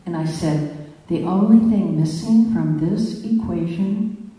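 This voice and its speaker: Woman speaker, low dark voice, storytelling talk, in a distant echoey hall. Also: takes it slowly. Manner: vivid storytelling with acted dialogue.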